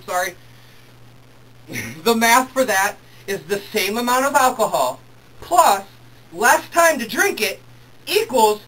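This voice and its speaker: Young guy hosting a sports show, bright sharp voice, gets worked up fast, a bit far from the mic. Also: high-pitched. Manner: excitable, worked up when ranting. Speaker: host. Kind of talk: solo sports talk show. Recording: distant mic with faint room ambience.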